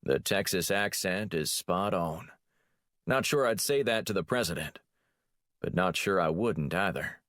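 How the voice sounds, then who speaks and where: Brusque veteran spy chief, gruff and blunt, read by a man. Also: low-pitched, animated, a little slow, fairly bright tone, no echo, studio quality. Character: brusque older male spy chief, cigar lover.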